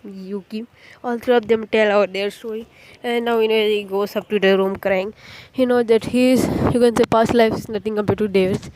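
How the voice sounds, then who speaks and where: A woman recapping a fan story in a casual, rambling way, full of fillers, restarts and pauses to recall names. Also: mid-range voice, fairly even intonation, darkish tone. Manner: rambling, leans heavily on "you can say" and fillers; hesitant, restarts and searches for names.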